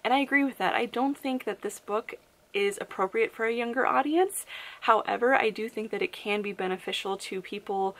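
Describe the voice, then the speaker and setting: A woman's voice: on the high side, a little fast, fairly bright tone. A young woman vlogging about a book she loves, emotional and gushing, laughing while near tears. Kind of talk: casual chat.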